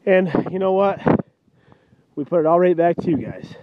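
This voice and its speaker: A man's voice: sits high, animated, moderate pace, lo-fi sound, slight background noise. A man selling trucks with a joking, hyped sales patter, recorded outdoors in the cold on a handheld camera mic. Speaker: truck dealer.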